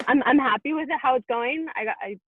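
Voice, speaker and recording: A woman's voice: sits high, fast talker, slight background noise. A young woman guest chatting casually and wryly on a podcast. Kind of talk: casual chat. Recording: tinny phone-like call audio.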